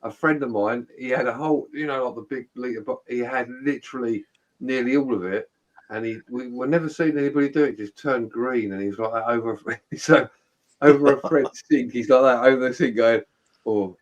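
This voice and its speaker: A man's voice: medium pitch, fairly quick, lo-fi sound. A man telling anecdotes in casual chat, laughing and acting out his drunk friends.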